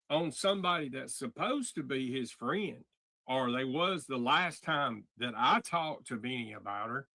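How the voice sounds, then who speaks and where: Bright-voiced man, heated and blunt. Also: mid-range voice, animated, a little slow, no room sound. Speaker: livestream host. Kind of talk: casual livestream commentary.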